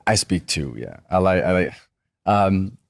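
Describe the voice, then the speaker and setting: A man's voice: low voice, a little slow, gravelly, no echo, studio quality. A young man from Germany with a light German accent, chatting casually and easily as an interview guest. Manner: relaxed, chatty, frequent restarts. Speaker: guest, professional wrestler.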